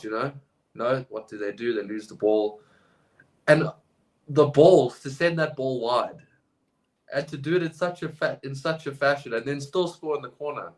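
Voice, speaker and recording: A man chatting casually as a podcast co-host, voice at an ordinary middle pitch. He talks in stop-start bursts, full of fillers and repeated words. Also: poor audio. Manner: halting, many fillers and restarts. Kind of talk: casual rugby chat.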